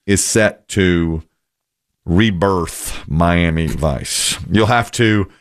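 Deep-voiced chatty man, dry close mic. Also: drawn-out words, smooth, no echo. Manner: chatty, rambling, wry asides. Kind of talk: casual radio-style chat.

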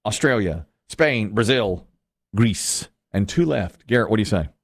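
Lively male game show host. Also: lowish voice, a little slow. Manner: upbeat, chatty, reads clues aloud.

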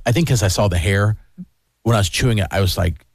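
Guy chatting fast, lively stories, acts out what he said, deadish dry room. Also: lowish voice, vocal fry, dry recording. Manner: animated storyteller, acts out his own quotes. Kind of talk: casual chat.

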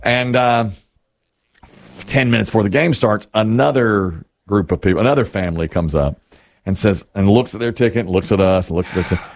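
A middle-aged man from North Carolina hosts a sports talk radio show. His voice is fairly low and his pace normal as he tells stories with playful exaggeration.

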